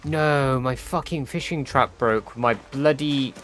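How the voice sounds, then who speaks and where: A man's voice: medium pitch, slow pace, fairly bright tone. A man streaming a game, chatting casually and reading chat aloud with offhand swearing. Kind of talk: casual livestream chat while gaming.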